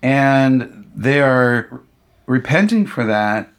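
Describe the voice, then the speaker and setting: A man, a pastor being interviewed, telling a personal story in a lively conversational way, with humorous asides and acted-out quotes. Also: medium pitch, extremely slow, clean tone. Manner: animated storyteller who acts out what others said; humorous, self-deprecating asides. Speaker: pastor and guest speaker.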